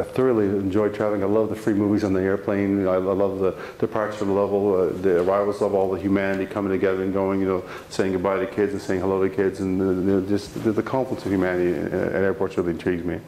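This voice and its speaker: Lively low-voiced male storyteller in hall. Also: fast, hardly any pauses. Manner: animated storyteller, acts out quotes, frequent restarts. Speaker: motivational speaker. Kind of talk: live motivational talk with personal storytelling. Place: room with a live audience. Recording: roomy hall sound, faint background noise.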